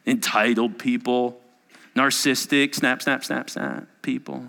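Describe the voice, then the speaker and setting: A man in his forties preaching a sermon as a pastor, animated and quick to act out the people he describes. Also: medium pitch, creaky. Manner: animated, acting out quoted people in quick impressions.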